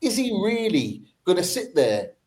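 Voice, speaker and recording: A man's voice: high-pitched, wildly swooping pitch, normal speed, a little mellow, poor audio. A man hosting a football fan podcast, debating with passion and repeating his points for emphasis.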